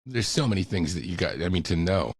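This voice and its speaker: A man's voice: low-pitched, sing-song, quick pace, breathy edge, no echo, clean studio sound. A man in his fifties, a radio announcer and voice actor, talking enthusiastically as a podcast guest, laughing often and dropping into announcer reads. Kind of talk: casual podcast interview.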